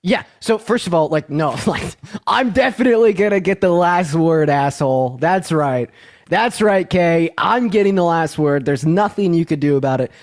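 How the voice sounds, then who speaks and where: A man's voice: a little high, normal speed. Mocking male streamer in a debate. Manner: mocking, sarcastic. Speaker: stream host. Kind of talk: heated online debate.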